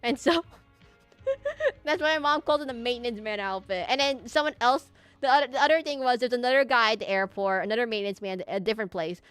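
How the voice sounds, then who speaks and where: A woman's voice: a little high, lively intonation, fairly quick, fairly bright tone, smooth, no echo. A young woman streaming a game, rambling and laughing as she tells stories to her chat. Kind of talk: casual gameplay stream chat. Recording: game music behind.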